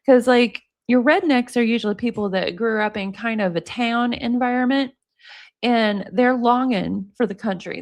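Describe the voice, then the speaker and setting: Chatty American woman streamer, raised-pitch voice. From United States. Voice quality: says y'all, self-described hillbilly. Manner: chatty and rambling, reads viewer comments aloud. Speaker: livestream commentator reading chat. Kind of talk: casual livestream chat.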